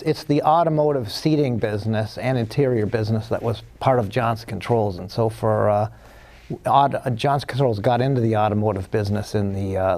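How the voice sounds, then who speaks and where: A man appearing as a studio guest executive, answering questions in a measured way with frequent fillers and restarts. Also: fairly low pitch, vocal fry, a little mellow. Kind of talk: business interview answers.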